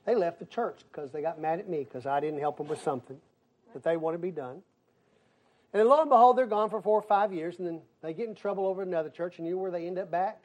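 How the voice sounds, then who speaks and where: An older male pastor delivering a sermon in a high voice. He talks with emphasis, moving between soft asides and sudden loud outbursts. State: crying.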